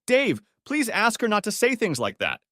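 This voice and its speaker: A man's voice: high-pitched, wildly swooping pitch, normal speed, sharp tone, no room sound, studio quality, pitched above the performer's own voice, exaggerated voice. A man voicing a tearful, guilt-ridden middle-aged wife who begs and sobs. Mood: pleading. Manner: pleading, sobbing.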